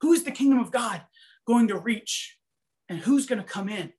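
A man giving a sermon, telling a story in an animated, conversational way full of fillers. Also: very high-pitched, moderate pace. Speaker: preacher.

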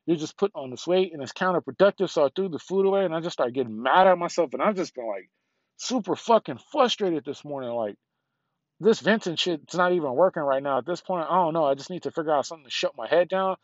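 A man's voice: a little high, lively intonation, fast talker, no room sound, muffled recording. A middle-aged man venting on a solo podcast from a parked car, rambling and frustrated, swearing a lot and sounding congested.

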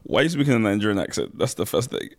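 A man's voice: fairly low pitch, sing-song, rapid-fire, vocal fry, slight background noise. A man co-hosting a casual chat, teasing and dry in his manner.

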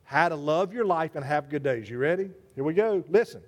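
A man preaching to his congregation, his voice sitting noticeably high. He is animated and conversational, calls people out by name and jokes with them as he teaches. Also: brisk. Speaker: pastor. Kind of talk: sermon.

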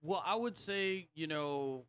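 A man co-hosting a casual podcast, rambling along with plenty of fillers. His pitch swings up and down a lot. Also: animated, takes it slowly, a bit bright, smooth. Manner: rambling, filler-heavy, lots of "like". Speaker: podcast co-host. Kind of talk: casual chat.

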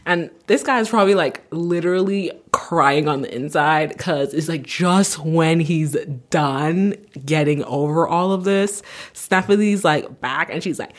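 A woman's voice: lowish voice, a little slow. A young woman vlogger in casual, rambling chat, often correcting herself. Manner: rambling, self-correcting, chatty.

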